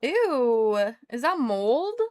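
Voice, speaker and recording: A woman's voice: a little high, big pitch swings, drawn-out words, a little mellow, dry recording, clean studio sound. A young American woman chatting casually on a live stream, playful and rambling as she talks to her viewers while tinkering. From United States.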